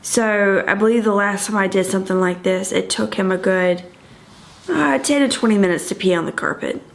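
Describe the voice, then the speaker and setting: A woman's voice: mid-range voice, normal speed, creaky. A woman co-hosting a casual podcast, telling a story in a chatty, rambling way full of fillers. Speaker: podcast co-host.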